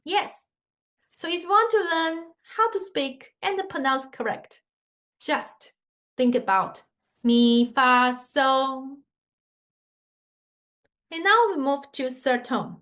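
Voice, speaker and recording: A woman's voice: very high-pitched, lively intonation, unhurried, a bit bright. A woman teaching a Mandarin lesson in simple non-native English, patiently demonstrating tones with sung scales. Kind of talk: online language lesson.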